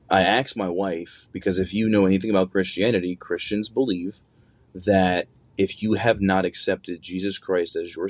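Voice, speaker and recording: A man's voice: low voice, no echo. A young man telling a personal story in a loose, conversational way, with plenty of fillers and slang.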